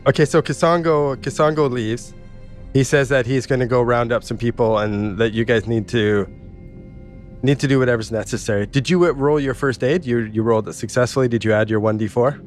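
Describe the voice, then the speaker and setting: A man runs a tabletop game and narrates in a loose, rambling way. His voice sits at a mid pitch, with faint music behind him. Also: a little fast. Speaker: game master.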